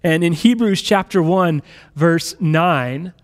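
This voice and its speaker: A man preaching a sermon in a conversational, animated storytelling manner. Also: a little high, slow. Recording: hall reverb.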